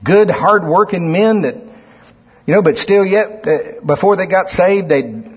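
A man's voice: high-pitched, a little slow, slightly rough. A man preaching a sermon, reading scripture aloud and explaining it, with emphatic swells in volume. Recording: muffled lo-fi recording in a reverberant hall.

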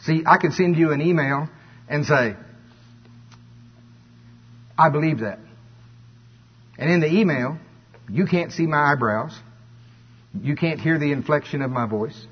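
A man preaches to a church congregation in a folksy, storytelling way. His voice is husky and sits a little high. The recording sounds dull and lo-fi, like an old church tape. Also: unhurried, long pauses. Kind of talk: conversational sermon.

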